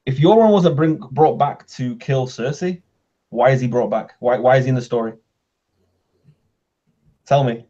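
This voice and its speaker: A man's voice: mid-range voice, moderate pace, pauses often, warm tone. A male guest in a casual livestream chat, insistent and argumentative. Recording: dull lo-fi stream audio.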